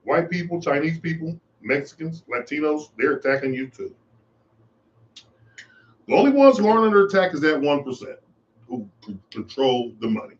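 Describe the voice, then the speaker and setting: A man's voice: fairly high pitch, animated, normal speed, pauses often, dull audio. Impassioned man preaching on a podcast. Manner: impassioned, preachy, repeats phrases. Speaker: podcast host. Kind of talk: monologue commentary.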